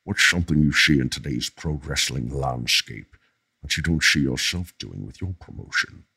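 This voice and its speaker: A man's voice: extremely low pitch, lively intonation, normal speed, gravelly, sharp tone, breathy edge, voice pushed down, heavily acted. A man doing an impression of a famous older male film star to read out a listener's question. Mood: inquisitive.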